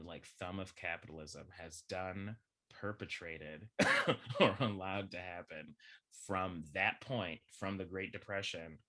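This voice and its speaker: A man chatting as a podcast guest, animated and laughing often, swinging from loud bursts to low murmurs. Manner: laughs often mid-sentence. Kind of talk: casual chat.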